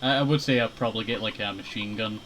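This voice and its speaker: A man's voice: lowish voice, quick pace, fairly bright tone, slight background noise, low-quality recording. A young man casually chatting while playing a shooter game, laid-back and rambling, chuckling often. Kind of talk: casual gaming commentary.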